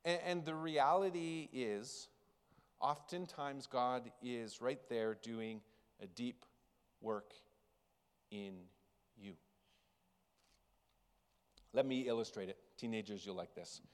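A man preaching a sermon as pastor, telling a story with big swings between loud and hushed. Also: mid-range voice, measured pace, pauses often, clear, resonant tone. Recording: long reverb of a large hall.

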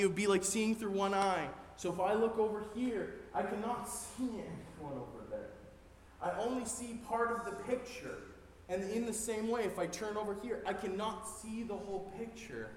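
Male pastor, higher register, earnest sermon delivery, reverberant sanctuary with faint room noise. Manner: earnest, building excitement. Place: church sanctuary. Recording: roomy hall reverb, faint ambience.

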